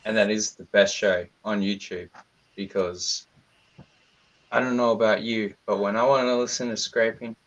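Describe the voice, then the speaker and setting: A man's voice: fairly low pitch, fairly even intonation, normal speed, lo-fi sound. A man with an Australian accent co-hosting a casual livestream, teasing the others and reading chat comments aloud.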